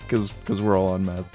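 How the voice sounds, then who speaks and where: A man's voice: low voice, warm tone. A man streaming a game and chatting casually, laid-back and slangy, joking at his own expense and laughing often.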